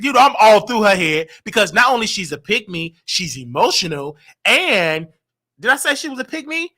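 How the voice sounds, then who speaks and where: A male show host rants on a livestream, boastful and repetitive. His voice sits high and swings widely, bright and forceful. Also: big pitch swings, normal speed. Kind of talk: casual livestream rant.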